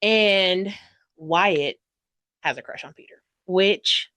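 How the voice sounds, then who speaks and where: A woman giving a casual book review, gushing and chatty, full of fillers, acting out characters' lines with sudden loud outbursts. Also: fairly low pitch, slow, no echo. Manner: dramatic quoted voices and sudden loud outbursts.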